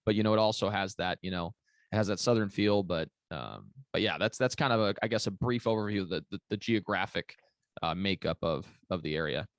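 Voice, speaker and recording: A man's voice: low voice, fairly quick, no echo, clean studio sound. A man giving long, rambling interview answers as a commercial real estate broker, with many fillers and restarts. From Kentucky.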